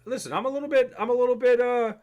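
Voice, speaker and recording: A man's voice: extremely high pitch, fast talker, darkish tone, dull audio. A young man on a livestream, chatting casually, rambling and swearing, a little tipsy. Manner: rambling, profane, joking. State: a bit tipsy. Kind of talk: casual chat to stream chat.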